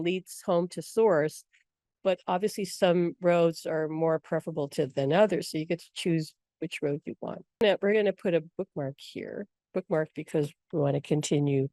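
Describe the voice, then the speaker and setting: A woman spiritual teacher talking casually through a workshop session, telling stories with frequent laughs and quick asides. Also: on the low side, warm tone, no room sound, clean studio sound. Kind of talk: casual storytelling talk with viewer questions.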